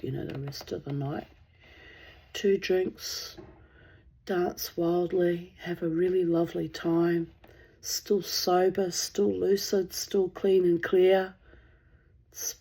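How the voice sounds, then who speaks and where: A woman tells a story from her own life, candid, rambling and freely swearing. Her voice sits a little low and has a husky, breathy grain. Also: a little mellow. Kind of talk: casual spoken storytelling.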